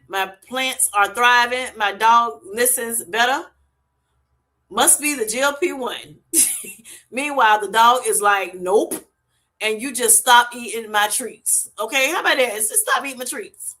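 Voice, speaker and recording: A woman's voice: on the high side, measured pace, sharp tone. A woman hosting a casual livestream, reading viewer comments aloud, laughing often and calling people honey and baby. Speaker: livestream host reading chat. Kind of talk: casual live chat.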